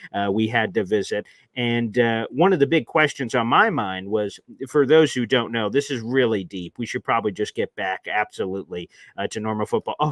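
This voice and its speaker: A man hosting a live sports podcast, chatting casually with jokes and shout-outs to viewers. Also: mid-range voice, no echo. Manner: animated, joking, reads out member names. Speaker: host.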